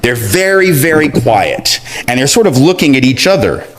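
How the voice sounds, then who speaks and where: A man speaking to an audience in a lively, conversational way. He tells his story with self-mocking humor and drops in quick asides to check that listeners are following. His voice sits at an ordinary middle pitch. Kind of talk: storytelling talk.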